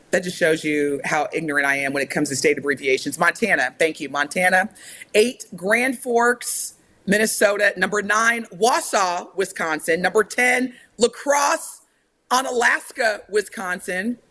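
Woman radio co-host from Indiana, animated and playful, casual chat. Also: medium pitch, measured pace. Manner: animated, laughing, reading a list aloud.

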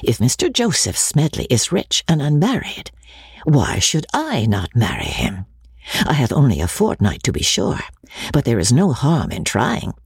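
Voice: medium pitch, wildly swooping pitch, unhurried, creaky, breathy edge, no room sound, studio quality, heavily acted. A reader voicing a coy, scheming young woman of nineteen, often near a whisper.

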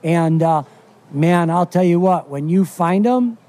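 In a casual radio interview, a middle-aged Wisconsin fishing guide speaks at a measured pace. His voice is high yet mellow and warm, and he comes across as enthusiastic and folksy, using lots of fillers.

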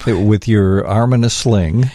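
A man with a low voice co-hosting a radio talk show, recorded dry and close. He chats easily, nudges the story along and plugs the call-in number. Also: takes it slowly, no echo. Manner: relaxed, prompting co-host, gives station plugs. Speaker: radio co-host. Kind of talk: casual radio chat.

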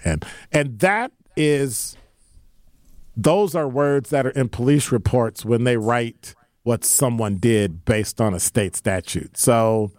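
A man's voice: fairly low pitch, darkish tone, no echo, studio quality. A man co-hosting a talk show, reading out report details and explaining them matter-of-factly. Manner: reads from reports, then explains in a matter-of-fact way. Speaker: co-host.

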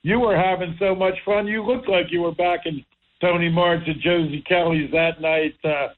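A man's voice: high-pitched, steady tone, moderate pace, narrow, tinny audio. A male radio show host in casual talk show chat, enthusiastic and repeating himself as he searches for words.

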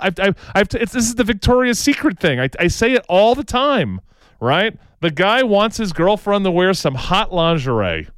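A man's voice: fairly high pitch, clean tone, dry recording. A man co-hosting a talk show, rambling in casual talk, often restarting and ending points with "right?". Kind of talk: casual opinionated local talk.

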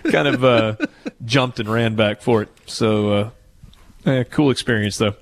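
A man's voice: mid-range voice, takes it slowly. A man hosting a sports radio show from away from the studio, chatting casually with plenty of fillers and restarts. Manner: easygoing, rambling with fillers.

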